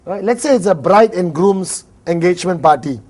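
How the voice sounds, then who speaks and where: High-voiced Malaysian man, joking seminar talk. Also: lively intonation, normal speed, darkish tone. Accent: Malaysian English. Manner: joking, acts out little dialogues, laughs often. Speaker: motivational speaker. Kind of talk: seminar talk to a live audience. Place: room with a live audience.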